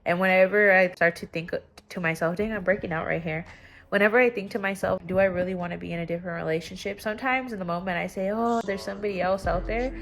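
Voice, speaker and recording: A young woman talking at home in a casual confessional vlog, candid and rambling, her voice jumping up when she gets excited. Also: fast talker, slight background noise. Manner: candid and rambling, with sudden excited jumps in pitch. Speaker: vlogger. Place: at home, indoors.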